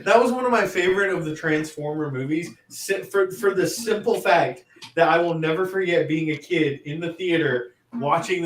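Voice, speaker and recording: A man with a somewhat high voice rambles excitedly about movies in casual podcast chat. He sounds far from the mic in an echoey room, and he laughs often. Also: a little hiss or hum. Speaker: podcast co-host.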